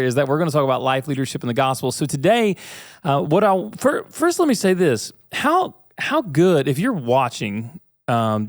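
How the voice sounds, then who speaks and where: A man's voice: a little high, dry recording, clean studio sound. A man in his thirties hosting a faith and leadership podcast, talking to listeners in an earnest, conversational way and asking them questions. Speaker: podcast host. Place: studio suite with bookshelves.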